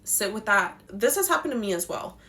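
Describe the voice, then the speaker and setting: A woman's voice: mid-range voice, big pitch swings, fairly quick, bright, forceful tone. Passionate slangy woman. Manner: passionate, slangy, swears, acts out quotes in voices. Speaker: spiritual advice vlogger. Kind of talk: casual motivational talk.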